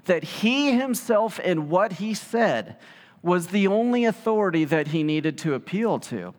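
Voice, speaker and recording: A male pastor preaching a sermon in a conversational, animated storytelling way, with casual asides. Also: sits high. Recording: reverberant hall sound.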